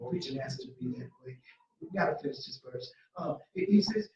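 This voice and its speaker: A passionate, folksy preacher leading a church Bible study, speeding up and cutting in when fired up. The voice sounds small and distant, heard from across a very echoey church hall. The sound is dull, with the highs rolled off. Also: a little fast, darkish tone.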